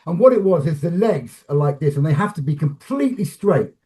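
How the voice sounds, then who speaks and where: Man with a high voice telling lively anecdotes. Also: fairly quick. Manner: lively, restarts phrases, acts out scenes. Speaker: film director and actor, interview guest. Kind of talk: animated anecdotal storytelling.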